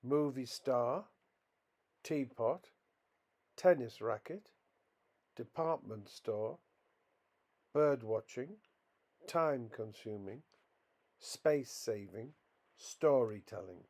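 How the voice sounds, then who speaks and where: A male narrator delivers a scripted pronunciation lesson at an unhurried, measured pace. His pitch sits in a middle range, and he sets each example word apart with deliberate, clear stress. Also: a little mellow. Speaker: English pronunciation teacher.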